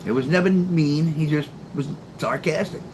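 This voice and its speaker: A man's voice: a little high, moderate pace. Profane, chatty male live streamer, noisy background. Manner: talks back to chat, profane and sarcastic. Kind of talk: casual late-night livestream chat. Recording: steady background noise.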